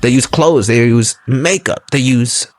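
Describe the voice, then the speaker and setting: A man delivers an audio lecture in an emphatic, preachy way and drives each point home by repeating it. His voice sits at an ordinary pitch for a man. Soft music plays faintly behind him. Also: measured pace. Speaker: lecturer on relationships.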